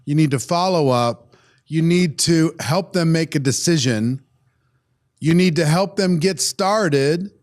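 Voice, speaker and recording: A man's voice: on the high side, measured pace. A man hosting a business event, giving an emphatic, preachy motivational talk from Minnesota. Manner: emphatic, preachy, repetitive phrasing. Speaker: event host. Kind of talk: motivational speech.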